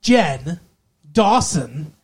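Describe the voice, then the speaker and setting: A man's voice: on the high side, big pitch swings, very slow, husky. A man co-hosting a podcast, talking in a casual recap chat with profane, sarcastic and exaggerated remarks. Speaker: podcast co-host.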